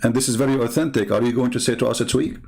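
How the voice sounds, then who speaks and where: A man's voice: mid-range voice, steady tone, rapid-fire, vocal fry, darkish tone. A man hosting an online show, commenting on a clip with a mocking, sarcastic manner and broken English.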